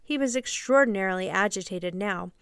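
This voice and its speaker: Woman narrator, storybook reading, gentle even pace, smooth clear voice, dry close sound. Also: mid-range voice, a little fast, no room sound. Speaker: podcast storyteller.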